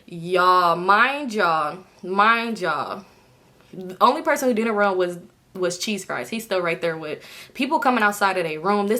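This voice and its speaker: A bright, forceful woman in her twenties spins a story straight to her viewers. She is animated and swears freely, and her voice leaps up high whenever she acts out someone else. Her pitch sits mid-range for a woman. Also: unhurried. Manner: animated, jumps high in pitch when acting out others. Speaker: storytime vlogger. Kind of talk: casual storytelling to camera.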